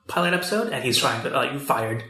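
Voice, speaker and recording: A man's voice: mid-range voice, lively intonation, a little fast, sharp tone, reverberant. A man co-hosting a podcast, chatting casually about movies and TV, rambling with lots of fillers and restarts. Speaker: podcast co-host.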